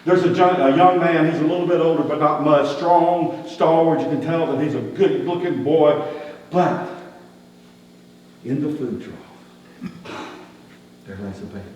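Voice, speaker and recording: A man, a pastor, playing a skeptical, rough-spoken outcast shepherd in a first-person dramatic sermon, talking. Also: fairly high pitch, unhurried, long pauses, lo-fi sound, close to an everyday voice. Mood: earnest. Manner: folksy, colloquial grammar, rising animated questioning. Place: church sanctuary. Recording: echoey hall, distant mic, faint hum.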